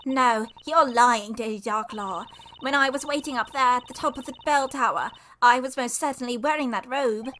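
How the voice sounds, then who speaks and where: A woman's voice: fairly high pitch, normal speed, pushed and bright, slight background noise. A woman voicing an earnest young girl with solemn, old-fashioned phrasing in a game playthrough. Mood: accusing. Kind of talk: voicing game dialogue while streaming. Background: game music.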